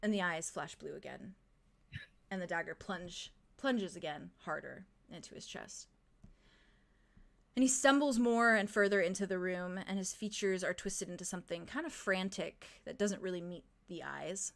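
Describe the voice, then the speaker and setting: A woman as game master narrating a tabletop game, halting and full of fillers. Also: on the low side, vocal fry.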